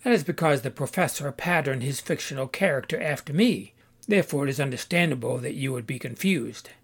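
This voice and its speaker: A man's voice: medium pitch, brisk, husky. A man voicing a grumpy, proud fawn-like male creature from a storybook, speaking in a haughty, correcting way.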